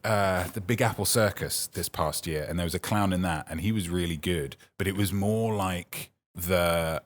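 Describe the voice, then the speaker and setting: A man's voice: low-pitched, moderate pace. A British man chatting casually as a podcast co-host, hesitant and full of restarts, laughing often. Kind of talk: casual chat.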